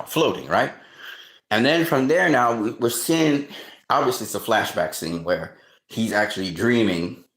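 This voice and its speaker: A man with a lowish voice gives casual film commentary, excitedly retelling movie scenes. He swears often and acts out reactions.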